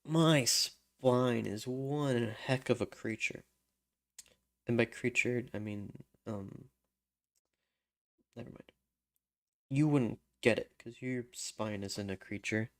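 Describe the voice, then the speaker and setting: A man's voice: mid-range voice, slow, pauses often, dry recording. A man casually thinking aloud while composing music, mumbling, trailing off and half-singing lyric lines to himself. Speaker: music maker.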